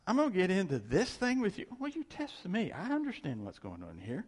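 Preacher doing an exasperated Jesus, high-pitched and mocking, in a reverberant hall. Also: male voice, huge pitch swings, fairly quick, slightly rough, exaggerated voice. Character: exasperated Jesus, a man seeing through hypocrites.

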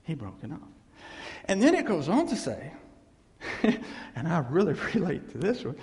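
A man preaching a sermon in a church, animated and laughing, acting out voices as he tells stories. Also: high voice, normal speed. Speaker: pastor. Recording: echoey hall reverb.

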